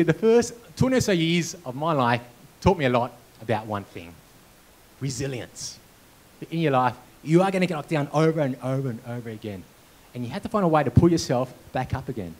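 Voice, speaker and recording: A man's voice: medium pitch, rough recording. A man giving a motivational keynote speech at a conference, telling personal stories with comic timing. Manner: animated storyteller, comic timing. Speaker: keynote speaker. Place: conference hall.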